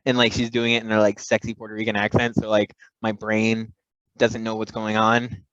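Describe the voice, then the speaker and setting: A man's voice: lowish voice, normal speed, smooth, no room sound, highs cut off. A man co-hosting a comedy podcast, telling a rambling story full of restarts and quoted voices. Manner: rambling, self-interrupting, animated storyteller. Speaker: podcast co-host.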